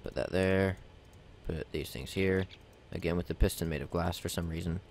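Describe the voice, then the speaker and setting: A man's voice: deep voice, fairly even intonation, moderate pace, a little mellow, slight background noise. A man giving casual gameplay commentary, rambling and self-mocking as he talks himself through crafting. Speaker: let's play gamer.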